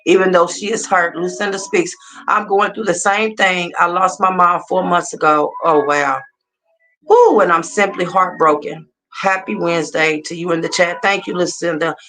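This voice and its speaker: A woman's voice: on the low side, normal speed, a bit bright, rough recording. A woman hosting a livestream, speaking in an emphatic, scolding, preacher-like way. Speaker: livestream reaction host. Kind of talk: heated livestream rant.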